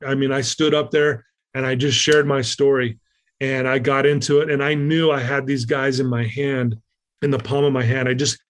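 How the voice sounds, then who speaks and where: A middle-aged man appears as a podcast guest and tells a story, animatedly acting out his own quotes. His voice is medium-pitched with a flat delivery and a moderate pace.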